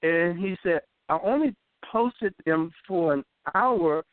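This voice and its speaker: A man in his fifties tells his story with animation, slipping into the voices of the people he quotes. His voice sits a little high for a man. It comes down a dry, tinny phone line. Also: expressive, takes it slowly, dry recording. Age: 50s. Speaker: interview guest. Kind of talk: casual phone interview.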